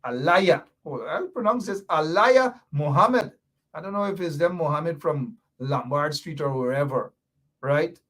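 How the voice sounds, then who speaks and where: A man's voice: on the high side, normal speed, a bit bright. A man hosting a political commentary show, emphatic and repetitive, with a mocking edge. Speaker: show host.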